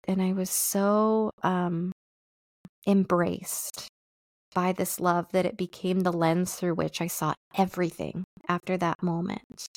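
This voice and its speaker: A woman hosting a podcast, telling a personal story in a soft, reflective, confessional way with thoughtful pauses. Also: lowish voice, no room sound, clean studio sound. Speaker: podcast host.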